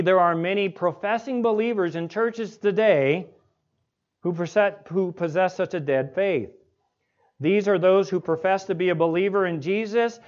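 Preaching an expository sermon, a man who is a pastor poses rhetorical questions to his congregation and slows to emphasize key words. His voice sits high, and the recording is dull and lo-fi.

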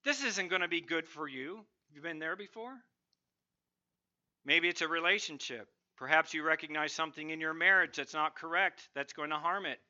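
A man preaches with a high, strikingly bright and forceful voice. He speaks emphatically, swelling into loud bursts as he acts out a snarling inner voice. The recording is somewhat dull and lo-fi. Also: moderate pace. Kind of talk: sermon.

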